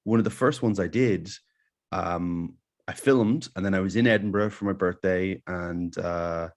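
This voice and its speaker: Lower-voiced Irish comedian telling stories. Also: male voice, unhurried. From Ireland. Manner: animated anecdote-telling, lots of fillers. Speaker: comedian guest. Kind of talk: casual podcast storytelling.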